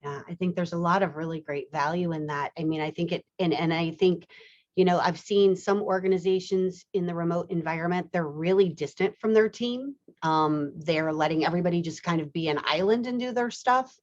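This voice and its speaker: Woman webinar host, lowish voice, muffled call audio, loose rambling delivery with fillers. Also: a little fast. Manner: rambling, many restarts and fillers. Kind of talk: casual panel discussion.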